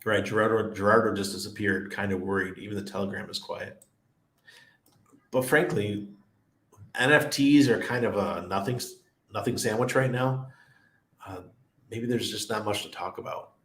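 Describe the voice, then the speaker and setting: A man's voice: lowish voice, normal speed, long pauses, a bit bright. A middle-aged man hosting a casual crypto livestream, reading viewer comments and rambling through anecdotes with frequent laughs. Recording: roomy echo.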